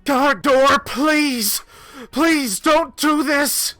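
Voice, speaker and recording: A man doing a tearful young alchemist woman, high voice, pleading, bright tone. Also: extremely slow, dry recording, exaggerated voice.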